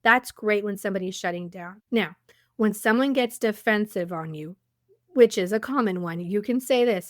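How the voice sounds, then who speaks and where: A woman's voice: mid-range voice, moderate pace, no echo, clean studio sound. A woman hosting a podcast, coaching listeners in an encouraging way and often checking in with them. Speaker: podcast host.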